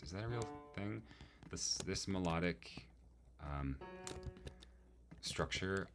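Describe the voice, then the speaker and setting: A man composing music and thinking aloud, muttering to himself and humming melodic lines on "da". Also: a bass voice.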